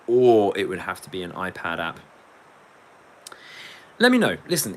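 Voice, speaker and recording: This livestreaming musician is an English man with a low voice and fairly bright tone, captured on a rough recording with a bit of hiss or hum. He chats casually and rambles, cracking jokes, cursing, and reading the chat aloud.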